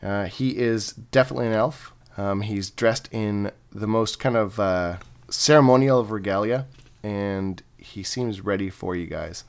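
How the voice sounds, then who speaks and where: A man's voice: lowish voice, a little slow, smooth. A man runs a tabletop game as its game master. He narrates in a loose, chatty way and laughs often.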